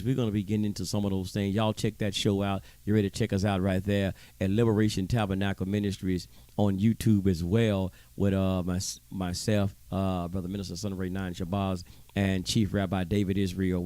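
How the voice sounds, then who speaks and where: A man's voice: fairly low pitch, a little mellow, no room sound. A man hosting his own show, delivering a heated, profane commentary monologue with preachy emphasis and stammering repeats. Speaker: show host.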